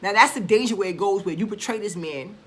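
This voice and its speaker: A woman's voice: medium pitch, fast talker. A woman vlogger ranting to camera in a casual, blunt and profane way, with emphatic bursts and frequent restarts.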